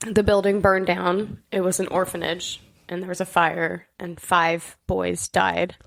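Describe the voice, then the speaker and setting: Lowish-voiced woman in casual chat. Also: unhurried, gravelly. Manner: laughing, teasing, animated storytelling. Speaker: podcast co-host.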